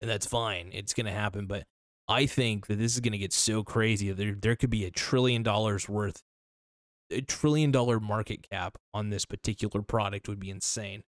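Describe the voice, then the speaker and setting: A man hosting a casual solo podcast, talking in a loose, rambling, profane way with many restarts, his voice a little worn and hoarse. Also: on the low side, fairly even intonation, moderate pace, no echo, clean studio sound. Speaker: podcast host.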